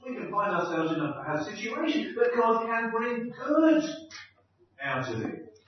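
Animated man preaching in an echoey hall. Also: very high voice, a little slow, slight background noise. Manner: animated, emphatic, repeats key phrases. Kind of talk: expository sermon. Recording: echoey hall, distant mic, dull sound.

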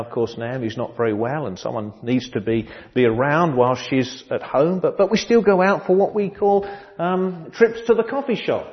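Measured man preaching a sermon. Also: medium pitch, in a large hall, highs cut off. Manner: measured, with frequent restarts and dry humor. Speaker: pastor.

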